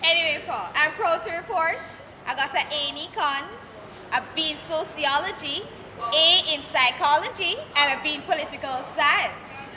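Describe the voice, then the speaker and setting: Actress playing an exasperated college daughter. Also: female voice, high voice, moderate pace, lightly acted. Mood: proud. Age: young adult. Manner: pleading, exasperated, crisp standard English. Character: college-student daughter, young woman, pleading. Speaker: stage actor. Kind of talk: live stage comedy play. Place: theatre stage with live audience. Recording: reverberant hall, audience noise.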